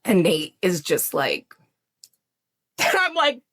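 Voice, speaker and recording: A young adult woman, a psychic medium and podcast guest, telling a story in casual chat, animated and laughing, acting out the voices of others. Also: on the low side, slow pace.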